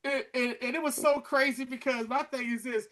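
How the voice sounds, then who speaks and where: A man co-hosting a podcast, chatting casually as he recaps a TV episode in an animated, slangy storytelling way. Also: very high voice, brisk. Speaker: podcast co-host.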